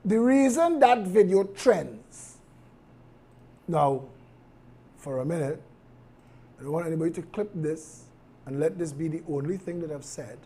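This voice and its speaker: A man with a Trinidadian accent hosting a live political commentary show, sharp and outspoken, moving between a calm measured tone and loud emphasis. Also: on the high side, a little hiss or hum.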